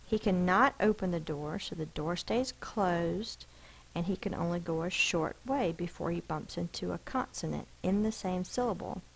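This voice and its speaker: A woman's voice: on the low side, moderate pace, vocal fry, rough recording. A woman teacher giving a recorded spelling lesson, patiently explaining rules and sounding out each letter and syllable.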